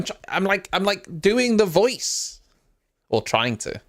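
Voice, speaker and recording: Male live-stream host, casual reaction chat, rambling and self-mocking, pitch swinging up and down a lot. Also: big pitch swings, slow, gravelly.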